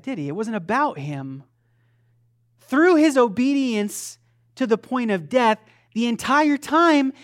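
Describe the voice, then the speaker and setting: A man preaching a sermon as a pastor. He talks conversationally, makes self-deprecating remarks, often restarts his sentences, and quizzes the congregation. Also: extremely high pitch. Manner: asks the congregation questions.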